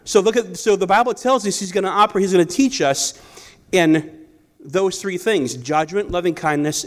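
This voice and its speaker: Man preaching a casual sermon. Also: high-pitched. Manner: conversational, storytelling, self-correcting. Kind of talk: sermon with personal stories.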